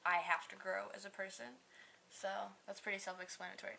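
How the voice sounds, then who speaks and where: A woman's voice: medium pitch, fairly quick, gravelly, a bit bright. A nineteen-year-old woman in casual vlog talk, chatty and rambling, poking fun at herself. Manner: chatty and rambling, self-mocking. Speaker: vlogger.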